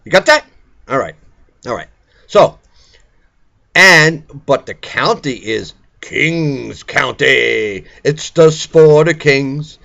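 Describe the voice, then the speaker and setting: An older man rambles and cracks jokes in a casual home video. His voice sits at an ordinary pitch. The recording is a bit dull and lo-fi. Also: animated, very slow, creaky, pushed and bright. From Brooklyn, New York. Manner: joking, teasing, rambling banter. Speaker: vlogger.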